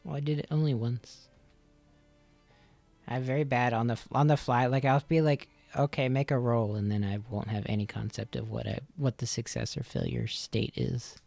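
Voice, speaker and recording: Gravelly-voiced man running a game. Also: mid-range voice, fairly even intonation, moderate pace, a little mellow, no echo, soft background music. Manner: self-deprecating, laughs often. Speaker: game master. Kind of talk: casual post-session chat.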